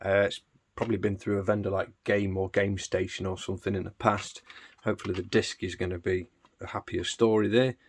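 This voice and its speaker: A man's voice: low voice, flat delivery, fairly quick, breathy edge. A man hosting a gaming channel, chatting and joking casually as he unboxes and plays games, with sudden exclamations. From England. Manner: chatty and jokey, exclaims while playing. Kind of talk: casual gameplay commentary.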